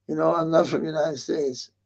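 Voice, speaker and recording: A man's voice: on the high side, fairly even intonation, brisk, vocal fry, darkish tone. A man, rambling in a casual live chat with viewers, swearing often and laughing at comments. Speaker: livestreamer. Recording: muffled lo-fi stream audio.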